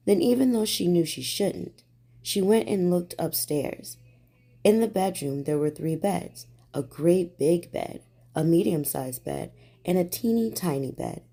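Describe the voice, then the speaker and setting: A woman reading a bedtime storybook aloud in a gentle, soothing way. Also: fairly low pitch, lively intonation, a little slow, creaky, breathy edge.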